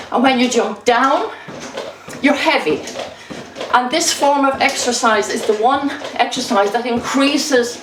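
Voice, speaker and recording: A bright, fairly high-voiced woman coaches a rebounder workout, cheering the listener on while she keeps bouncing. She sounds a little winded, and her voice carries the echo of a roomy space, picked up from some way off the mic with faint background noise. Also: far from the mic. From Ireland. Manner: upbeat, encouraging, talks while bouncing. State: slightly out of breath. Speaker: exercise instructor. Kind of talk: exercise demonstration. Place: indoors at home.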